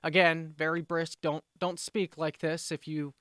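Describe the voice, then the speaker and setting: A man teaching vocabulary in a relaxed, explanatory way, restating points and acting out quick example phrases. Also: a little high, dry recording. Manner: explanatory, self-correcting, with brisk demonstrations. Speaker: language teacher. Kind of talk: casual spoken lesson.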